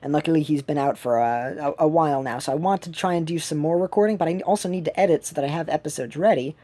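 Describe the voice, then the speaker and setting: Woman streamer, low and mellow, loose rambling play-along chat from home. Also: quick pace. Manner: rambling, many fillers and restarts. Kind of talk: casual gameplay commentary.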